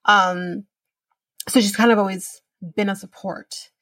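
A woman's voice: medium pitch, fairly even intonation, unhurried, a bit bright, no room sound, recorded from a distance. A woman hosting a podcast, recapping a reality show in a chatty way, swearing casually and using lots of fillers. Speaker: podcast host.

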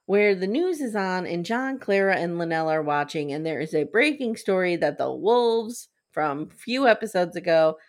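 A woman hosting a casual TV recap podcast, animated and swearing, acting out the scenes she retells. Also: lowish voice, moderate pace, hardly any pauses. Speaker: podcast host.

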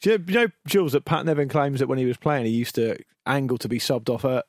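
A man's voice: medium pitch, quick pace, no room sound, studio quality. A man co-hosting a casual football podcast, telling wry, rambling anecdotes. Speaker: podcast co-host. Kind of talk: casual chat.

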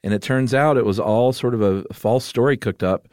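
A man's voice: mid-range voice, moderate pace, a little mellow, no echo, clean studio sound. A man hosting a podcast, telling a story in a casual joking way. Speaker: podcast host.

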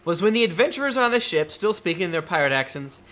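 A man's voice: high voice, sing-song, quick pace, fairly bright tone. A man co-hosting a podcast, reading listener messages aloud in a jokey way and laughing as he goes. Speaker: podcast co-host.

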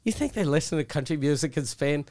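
A man's voice: a little high, lively intonation, fast, a little mellow. A man co-hosting a podcast, telling stories in a wry, profane, casual way. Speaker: podcast co-host.

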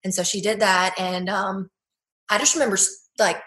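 A young adult woman in an interview, telling her story earnestly and haltingly, with many filler words. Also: mid-range voice, steady tone, sharp tone, echoey room, poor audio. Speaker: guest. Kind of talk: personal testimony interview.

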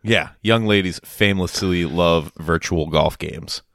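Brief: casual podcast co-host, man, rambling sarcastic storyteller, smooth resonant voice, dry close sound. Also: low-pitched, slow pace, fairly bright tone, no room sound. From Massachusetts. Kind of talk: casual chat.

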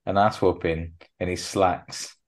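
Deep-voiced man, jokey podcast co-host. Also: level tone. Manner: rambling, jokey, quick asides. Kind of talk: casual chat.

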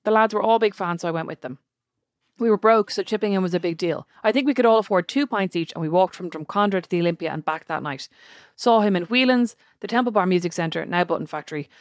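A woman's voice: fairly low pitch, quick pace, dry recording, clean studio sound. Wry Irish woman chatting. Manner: wry, chatty, reads listener messages aloud. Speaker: podcast co-host. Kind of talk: casual chat.

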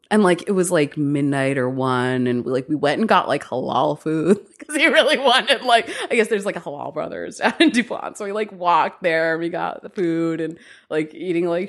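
Thirties woman, podcast guest, lively pitch, giggly storyteller who mimics people. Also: gravelly. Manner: giggly, animated, quotes others in raised voice. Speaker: podcast guest, romance author. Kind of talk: casual storytelling chat.

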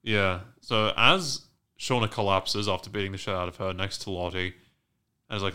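A man with a low but bright, forceful voice chats through a TV recap on a podcast. He swears freely and jumps into the characters' voices as he retells each scene. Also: normal speed, clear, resonant tone. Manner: animated, profane, acts out characters' lines. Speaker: podcast host recapping a TV show. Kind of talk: casual recap chat.

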